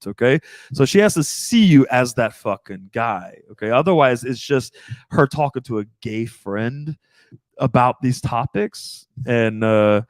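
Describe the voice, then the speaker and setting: A man's voice: mid-range voice, gravelly, dry recording. A man hosting a casual podcast as a dating coach, swearing freely with lots of fillers. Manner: profane, animated, frequent fillers.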